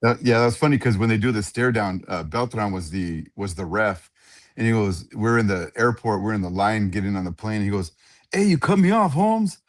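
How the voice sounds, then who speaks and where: A man, a ring announcer, telling animated stories in a casual interview and acting out other people's lines. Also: lowish voice, fairly quick, no echo. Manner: animated storyteller who acts out others' voices.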